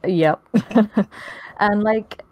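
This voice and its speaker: A woman's voice: mid-range voice, drawn-out words, a little mellow, dry recording. A young adult woman with a posh British accent, chatting as a podcast guest, with lots of ums. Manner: chatty, many ums, laughs often. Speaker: guest voice actress. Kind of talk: casual podcast interview.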